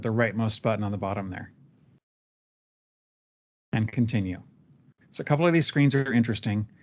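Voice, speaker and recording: A man guiding a trainee step by step through a software training session, relaxed and chatty with fillers. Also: mid-range voice, lo-fi sound. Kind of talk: live screen-share training session.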